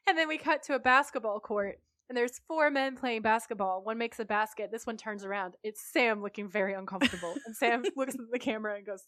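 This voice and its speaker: A woman's voice: on the high side, a little fast, no room sound, studio quality. A woman co-hosting a podcast, animatedly recapping a TV episode and acting out the characters' lines. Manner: animated storytelling, acting out quotes. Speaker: podcast co-host. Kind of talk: casual chat recapping a TV episode.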